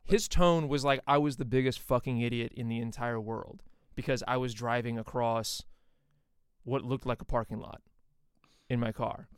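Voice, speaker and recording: Smooth-voiced, indignant storytelling man. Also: medium pitch, moderate pace, dry recording, studio quality. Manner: animated storyteller, indignant and profane. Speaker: podcast co-host. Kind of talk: casual chat.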